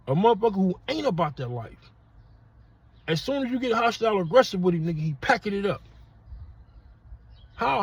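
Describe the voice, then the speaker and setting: Middle-aged male podcast host; husky, blunt, profane street monologue. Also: sits high. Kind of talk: casual monologue.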